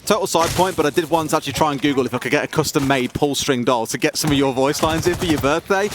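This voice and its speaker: A man's voice: fairly high pitch, fast talker. A man casting an esports match, calling the play and teasing his co-caster. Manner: playful, teasing, excitable. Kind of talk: play-by-play commentary and banter. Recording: noisy broadcast mix.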